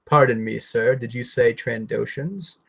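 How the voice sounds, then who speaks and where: A man's voice: mid-range voice, a little slow, vocal fry, sharp tone, slightly rough, heavily acted. A man voicing a courteous male Wookiee warrior who speaks in stiff, formal phrases.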